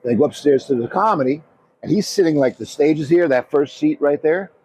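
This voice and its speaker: A man, a former comedy club owner, co-hosting a casual chat and telling animated stories, swearing freely and laughing often. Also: a little high, a little fast, slight background noise.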